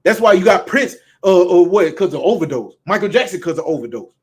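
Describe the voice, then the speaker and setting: A man's voice: high-pitched, big pitch swings, brisk, darkish tone. A man with a Southern US accent preaching bluntly and emphatically, with frequent profanity. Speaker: street preacher. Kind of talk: preaching talk.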